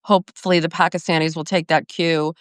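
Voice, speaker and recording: A woman host gives casual political commentary over a video call, speaking briskly and analytically with plenty of fillers. Her voice sits a touch low and sounds smooth and clear. The sound is dry and close, with no room around it. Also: flat delivery, no echo.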